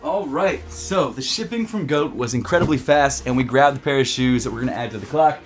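A young man chatting excitedly and rambling as a vlogger, a little out of breath. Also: medium pitch, brisk, faint music behind. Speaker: sneaker vlogger. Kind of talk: casual vlog chat.

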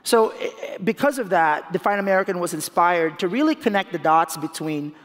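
This guest speaker, a man from the Philippines in his thirties, keeps a brisk pace in an animated stage interview. He laughs a lot, repeats words as he restarts, and has a rather high male voice echoing with long reverb from a big hall.

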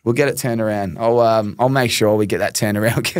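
A man's voice: on the low side, fairly even intonation, a little fast, no room sound, clean studio sound. A man hosting a casual podcast, laughing easily and reading out listener messages. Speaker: podcast host.

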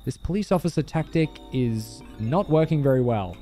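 Lively joking male game streamer. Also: a little high, moderate pace, faint music behind. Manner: joking, swears, talks to chat. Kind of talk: live game commentary.

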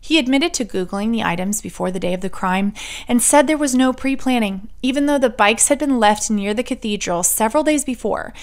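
A woman's voice: on the high side, a little fast. A woman hosting a true crime podcast, telling the story with sarcastic asides and the odd whispered joke. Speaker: podcast host.

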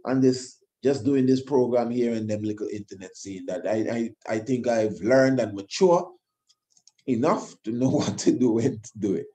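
A man's voice: mid-range voice, normal speed, mellow. A man delivering an impassioned monologue, emphatic and repetitive, firing rhetorical questions. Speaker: host of his own channel.

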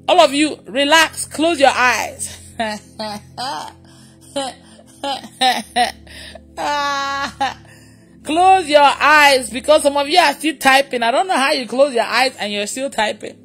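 A woman's voice: sits high, very slow, a bit bright, faint music behind. A woman preacher leading a livestreamed prayer session, who laughs often and repeats her phrases.

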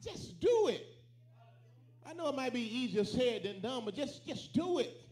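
An animated pastor with a very high voice preaches a little fast, calling lines for the congregation to echo back and shouting at the peaks. The sound rings around a roomy, echoey church.

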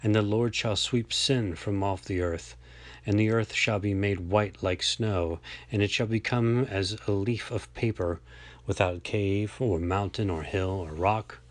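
A man reading an old religious text aloud in a slow, measured, solemn way, now and then stumbling over a word. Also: fairly low pitch, fairly even intonation, dry recording. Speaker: reader.

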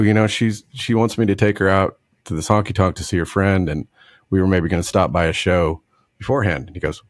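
A man's voice: sits low, normal speed, no room sound. A middle-aged man casually telling a story on a podcast, laughing often and acting out the other people in it with a put-on drawl.

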